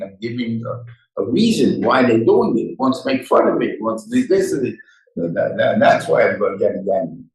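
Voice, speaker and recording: An older man giving a rambling, halting Torah class, restarting his sentences often. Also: mid-range voice, darkish tone. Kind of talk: informal Torah lecture. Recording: echoey room, voice far from the mic.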